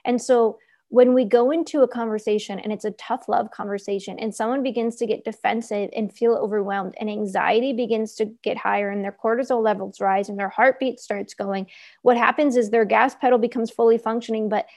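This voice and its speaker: A woman with a slightly higher voice talks through ideas in an earnest, explanatory way. She keeps checking in with her listener, tossing in "right?" and "like" as she teaches conversationally. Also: steady tone, fairly quick, a little mellow. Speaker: guest speaker on communication.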